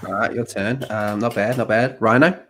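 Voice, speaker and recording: A man's voice: lowish voice, fairly even intonation, moderate pace, fairly bright tone, slight background noise. A man hosting a casual reaction podcast, reading news aloud and trading profane jokes with co-hosts. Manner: joking, profane, banter with co-hosts.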